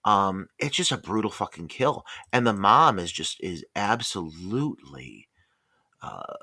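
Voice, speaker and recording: A man co-hosting a horror podcast, talking in a loose, excitable way full of fillers and cursing. His voice sits fairly low but swings widely in pitch and has a bright, forceful edge. The sound is close and dry. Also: unhurried, slightly rough, no echo. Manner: animated, swears freely, many fillers. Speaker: podcast co-host. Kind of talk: casual movie discussion.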